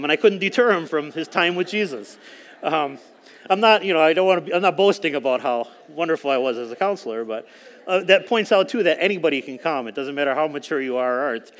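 Speaking at a church, a middle-aged man gives a conversational sermon testimony, telling a story with frequent fillers. His voice is a little high, and the sound carries a big-room quality.

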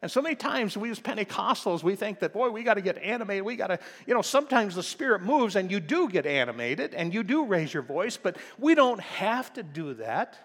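A man preaching a sermon in a fairly high voice, moving between low, quiet teaching and loud, fired-up emphasis. His voice rings with the long reverb of a big church hall. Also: sing-song, fairly quick, few pauses. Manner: preaching with rising intensity, shifting from quiet to loud. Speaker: pastor.

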